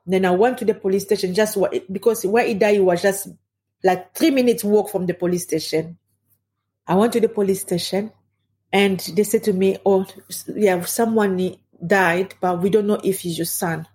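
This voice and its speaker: Grieving middle-aged woman, halting speech. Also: mid-range voice, steady tone, darkish tone. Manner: halting, non-native grammar. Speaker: bereaved mother. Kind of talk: personal testimony.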